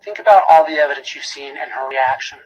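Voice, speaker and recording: Husky-voiced man arguing before a jury. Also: mid-range voice, fast talker, rough recording. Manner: emphatic, repeats key phrases, rhetorical questions. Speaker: prosecutor. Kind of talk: courtroom closing argument. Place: courtroom.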